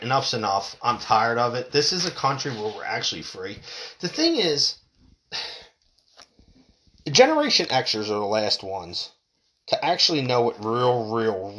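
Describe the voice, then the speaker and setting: A man's voice: mid-range voice, a bit bright. Middle-aged man, ranting solo podcaster, swears freely, voice swings up and down a lot. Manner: profane, heated, exasperated. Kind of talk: ranting monologue. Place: home room, window open. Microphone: desk mic.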